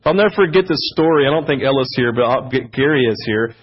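Husky-voiced pastor preaching, lo-fi audio. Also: male voice, lively intonation, fast. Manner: gets louder and higher when fired up. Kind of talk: sermon. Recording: dull lo-fi church audio.

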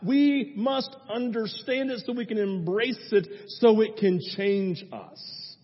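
A man's voice: high voice, husky. A man preaching a sermon as a pastor, talking in a conversational way with frequent asides to the congregation. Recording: echoey hall, dull lo-fi sound.

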